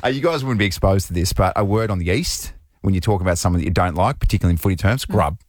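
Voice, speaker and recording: An Australian man hosting a breakfast radio show, lively and laughing often. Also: low voice, racing, no echo. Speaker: radio host.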